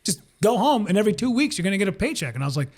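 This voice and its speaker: A man from Minnesota, a comedian and one-time radio host, telling stories in a podcast interview. His voice sits high for a man and he moves lively through each story, acting out what other people said. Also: rapid-fire. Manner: animated, acts out other people's lines in quoted voices.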